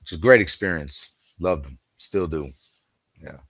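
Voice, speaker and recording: A man's voice: very deep voice, measured pace, a bit bright, slightly rough, no echo, studio quality. A man chatting as a podcast guest, telling rambling stories full of "you know" and acted-out dialogue. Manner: rambling storyteller, acts out quoted dialogue; leans heavily on "you know" fillers. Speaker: podcast guest, football fan. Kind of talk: casual chat.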